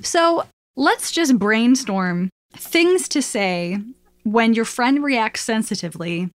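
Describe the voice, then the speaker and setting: A woman with a fairly high voice that swings up and down a lot talks through advice on a casual podcast. She is playful and animated and swears freely. The sound is close and dry. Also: takes it slowly, no room sound.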